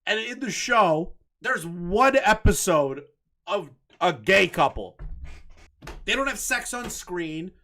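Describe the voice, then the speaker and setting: A man's voice: high-pitched, animated, takes it slowly, bright, forceful tone. A man hosting a reaction commentary video, sarcastic and exasperated, mocking what he watches. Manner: sarcastic, exasperated, bursts of laughter and swearing.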